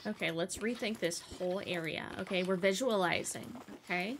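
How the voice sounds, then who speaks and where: A young woman hosting a casual let's-play, chatting excitedly and gushing as she plays. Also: mid-range voice, a little fast. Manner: bubbly, excitable, gasps and gushes often. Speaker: gaming channel host. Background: faint game music.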